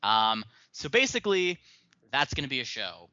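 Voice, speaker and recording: A man's voice: mid-range voice, sing-song, normal speed, sharp tone, dry recording, muffled recording. A man hosting a podcast in casual chat, rambling and self-mocking with lots of ums and uhs. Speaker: podcast host.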